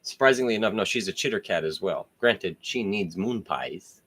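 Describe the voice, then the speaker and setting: Man, host, low voice, swings up and down a lot, rambling casual talk, laughs and swears often. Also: animated, normal speed, fairly bright tone.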